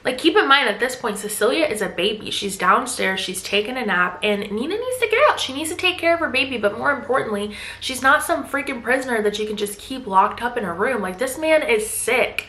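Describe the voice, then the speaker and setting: A woman's voice: a little high, expressive, a little fast, few pauses, bright, forceful tone, echoey room. A woman giving a chatty, casual book recap full of filler words. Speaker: book vlogger.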